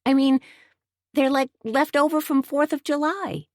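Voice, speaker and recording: A woman's voice: high voice, unhurried, dry recording, clean studio sound, pitched above the performer's own voice. A woman reading an audiobook voices a plucky café owner who exclaims with breathless urgency. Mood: relieved.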